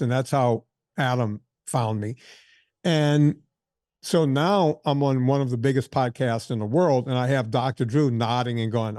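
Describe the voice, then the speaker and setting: A man in his sixties, a fitness trainer telling stories in a casual interview, animated and full of quoted asides and restarts. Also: medium pitch, a little slow, no room sound, studio quality. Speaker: fitness trainer and podcast guest.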